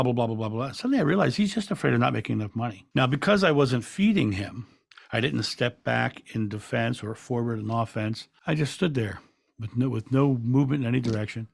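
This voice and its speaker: A man guest on an interview podcast, telling stories in a calm, reflective way with frequent restarts. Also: medium pitch, creaky, no echo, studio quality. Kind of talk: relaxed storytelling in an interview.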